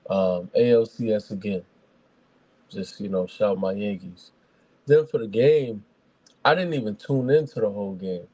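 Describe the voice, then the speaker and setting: Mellow man talking sports quietly. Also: normal speed, dry recording. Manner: keeps volume low, relaxed, rambling. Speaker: co-host. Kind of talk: casual sports talk.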